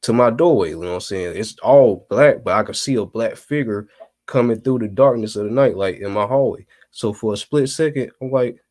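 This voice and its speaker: A young North Carolina man co-hosts a podcast, telling a story casually in a laid-back, slangy way full of fillers. His voice is lowish and darkish in tone, and he talks a little fast. It sounds like a remote call.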